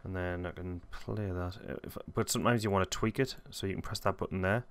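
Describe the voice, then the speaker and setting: Man, very low voice, smooth and clear, casual tutorial, rambling, self-correcting. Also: steady tone, fast talker. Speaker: software tutorial host. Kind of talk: casual screen-recorded tutorial.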